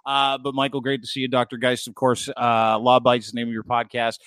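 A man's voice: mid-range voice, monotone, a little fast, a bit bright, smooth, dry recording. A man hosting a casual podcast chat, rambling with many fillers. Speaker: podcast host.

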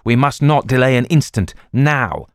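A man voicing a cool, commanding English gentleman in an audiobook reading. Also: deep voice, fairly even intonation, normal speed, no echo, clean studio sound. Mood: desperate.

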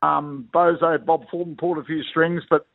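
A man's voice: on the high side, little pitch movement, moderate pace, creaky. A middle-aged Australian man, a retired rugby league player, telling rambling blokey stories as a guest. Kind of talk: phone interview, storytelling. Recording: tinny phone line.

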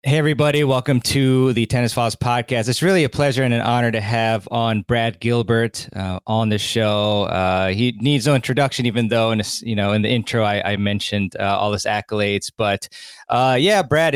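A man's voice: mid-range voice, steady tone, a little fast, smooth, no echo, clean studio sound. A man hosting a podcast, talking in a rambling, enthusiastic way with lots of fillers and restarts. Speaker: podcast host. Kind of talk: casual conversational intro and interview.

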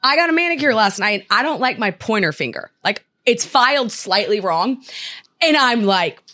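Brief: young woman podcast co-host, animated storyteller, a little high-pitched. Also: moderate pace. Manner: animated storyteller, acts out quoted dialogue. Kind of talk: casual chat.

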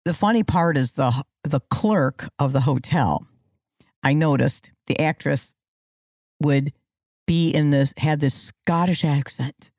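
A woman's voice: low-pitched, slow pace, darkish tone, no echo, clean studio sound. A middle-aged woman co-hosting a casual chat, rambling through stories and restarting her sentences mid-thought.

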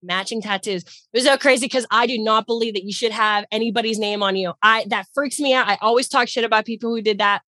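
A fairly high-voiced woman chats through a personal story, animated and loose, dropping the odd swear word. The sound is close and dry, with no room around her. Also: fast, hardly any pauses, no echo. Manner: animated, chatty, swears freely. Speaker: podcast guest. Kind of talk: casual storytelling.

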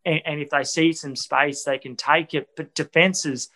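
A man's voice: fairly high pitch, steady tone, moderate pace, sharp tone, poor audio. A man, giving enthusiastic rugby analysis on a sports talk panel, with frequent restarts. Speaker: rugby pundit. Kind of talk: studio sports discussion.

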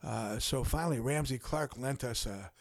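An older man, a guest on a podcast, telling a long story in an unhurried way with many pauses and some dry humor. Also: medium pitch, no echo. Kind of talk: casual storytelling in a podcast conversation.

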